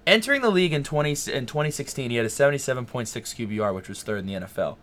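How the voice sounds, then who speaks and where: A young man co-hosting a casual sports podcast, arguing his points with animated insistence and stammering when pressed. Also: mid-range voice, rapid-fire. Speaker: podcast co-host.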